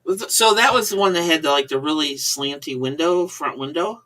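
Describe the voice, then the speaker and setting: A woman's voice: low-pitched, normal speed, a bit bright. A woman with a Midwestern American accent, co-hosting a casual chat, teasing and reading out comments. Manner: chatty, teasing, reads viewer comments aloud. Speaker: co-host. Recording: voice a bit far from the mic.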